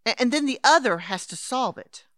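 An actress playing Henrietta, a brisk, patronizing elderly woman in an audio drama. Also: on the high side, animated, fairly bright tone, dry recording, studio quality. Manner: brisk, patronizing, calls others dear and darling. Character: scheming elderly woman, Henrietta, would-be crime writer.

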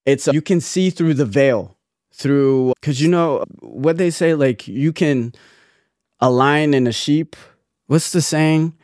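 A man's voice: a little high, takes it slowly, darkish tone, no echo, clean studio sound. A young man co-hosting a casual podcast chat, talking earnestly in long rambling runs with many restarts. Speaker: podcast co-host.

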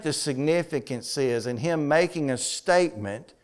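A man preaching a Bible study, asking his listeners questions and reading scripture slowly with weight. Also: on the high side, lively intonation. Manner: asks the congregation questions, reads scripture slowly with emphasis. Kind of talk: conversational sermon teaching.

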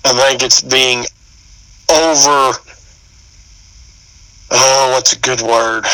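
A man's voice: mid-range voice, gravelly, sharp tone, no room sound, rough recording. A man in laid-back casual chat, agreeing often and telling short stories.

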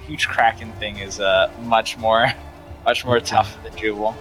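A man's voice: on the low side, steady tone, unhurried, a bit bright, faint music behind, rough recording. A man in a tabletop game, joking around in casual banter with the table. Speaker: player.

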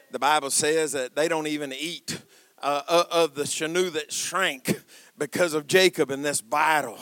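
A man preaching a sermon, swinging from quiet asides to shouted passages and calling out to the congregation. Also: on the high side, fairly even intonation, moderate pace, no echo. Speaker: pastor.

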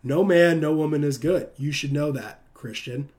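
Young guy on a livestream preaching at his chat, fairly high voice, emphatic, keeps laughing at himself. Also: moderate pace, darkish tone. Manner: emphatic, lapses into self-mocking laughter. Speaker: livestream host. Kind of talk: casual preaching rant on a livestream.

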